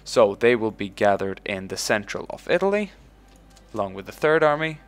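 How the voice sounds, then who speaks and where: A man commenting casually on his own strategy game playthrough, swearing freely, bursting out with "boom" and ordering his in-game troops around. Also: moderate pace. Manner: excitable, swears casually, shouts "boom" when giving orders; talks to in-game units as if they were his troops. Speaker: let's play host.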